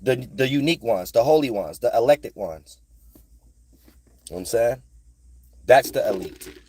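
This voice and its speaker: A man's voice: mid-range voice, animated, moderate pace, darkish tone, breathy edge, no echo. A man giving a rambling spiritual monologue, profane and streetwise, repeating phrases and constantly asking if you follow him. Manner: profane, streetwise, keeps asking "you know what I'm saying"; repeats phrases in sing-song bursts. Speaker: spiritual vlogger.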